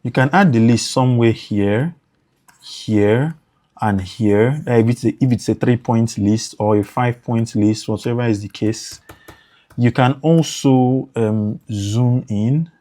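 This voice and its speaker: A man's voice: medium pitch, a little slow, warm tone. A man teaching motion design for editors in a screen-recorded tutorial, repeating points and thinking aloud as he works.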